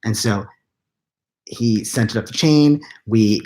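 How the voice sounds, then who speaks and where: A tired man, likely in his thirties, answering live chat questions into a laptop at home at night, keeping his voice hushed and rambling with quiet self-mocking laughs. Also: on the low side, takes it slowly. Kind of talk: late-night live chat Q&A, half-whispered. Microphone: laptop mic.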